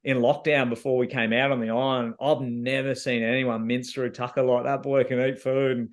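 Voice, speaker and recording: Australian man, easygoing and slangy, rambling interview answers, middle pitch. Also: flat delivery, moderate pace. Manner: laid-back, slangy storytelling with many fillers. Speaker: reality show contestant.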